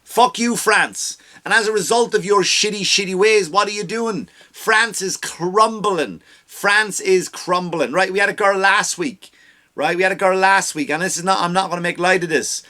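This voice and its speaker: Irish comic ranting and swearing on his podcast, bright sharp voice. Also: sits high, normal speed. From Ireland. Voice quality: profane, heated ranting. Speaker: comedian and podcast host. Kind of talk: comedic rant.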